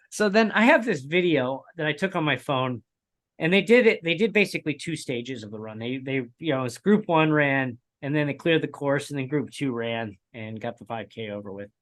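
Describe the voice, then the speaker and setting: Chuckling frequently, a man with a medium-pitched, animated voice meanders through long anecdotes at a moderate pace while co-hosting a laid-back racing podcast.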